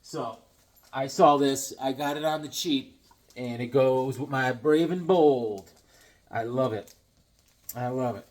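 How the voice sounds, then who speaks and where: A man's voice: mid-range voice, takes it slowly, long pauses, a little mellow. A tired middle-aged man chatting casually and rambling with jokes as he shows off old comic books. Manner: rambling, joking, reads comic lines aloud. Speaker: comic book collector vlogger. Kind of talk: casual show-and-tell chat.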